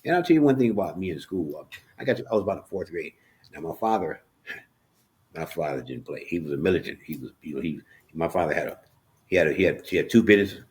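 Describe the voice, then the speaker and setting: A man's voice: low voice, expressive, quick pace, darkish tone. A man telling his personal story as a podcast guest, earnest and emotional, often restarting and repeating words. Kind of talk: candid personal storytelling in an interview.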